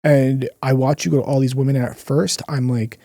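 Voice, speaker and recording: Earnest man with a dark voice. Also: mid-range voice, little pitch movement, no room sound. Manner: earnest, emotional, drawn-out pauses. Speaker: podcast co-host. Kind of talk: casual conversational storytelling.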